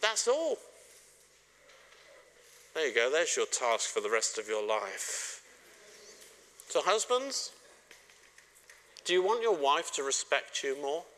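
A man's voice: fairly high pitch, sing-song, takes it slowly, pauses often. A middle-aged man gives a sermon on marriage, speaking straight to the congregation and joking now and then. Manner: warm, joking, direct address to the congregation. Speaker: preacher.

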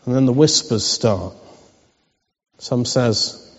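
A man's voice: mid-range voice, slow pace. A man giving a sermon in a wry, conversational storytelling manner. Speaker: preacher. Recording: dull recording in a reverberant hall.

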